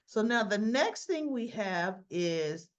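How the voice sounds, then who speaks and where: A woman's voice: medium pitch, big pitch swings, slow pace, highs cut off. A woman casually recapping a soap opera episode, retelling scenes in a chatty way with frequent restarts and asides.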